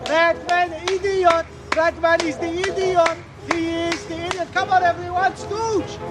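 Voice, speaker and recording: An actor playing a loud heckling cricket fan who chants and jeers. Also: male voice, very high voice, flat delivery, measured pace, loud music behind the voice. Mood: jeering. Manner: chanting, jeering.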